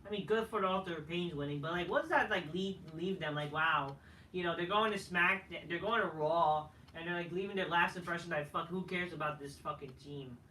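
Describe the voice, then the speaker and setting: A man's voice: fairly high pitch, fairly quick, bright, forceful tone, reverberant, distant mic, a little hiss or hum, low-quality recording. A man reviewing a wrestling show in a casual, profane, dismissive rant that often trails off.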